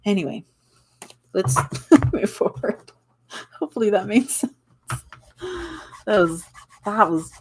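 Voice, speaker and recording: A woman's voice: medium pitch, a little mellow, slight background noise. A young woman giving a casual tarot reading, rambling and searching for words with many fillers and little laughs. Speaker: tarot reader.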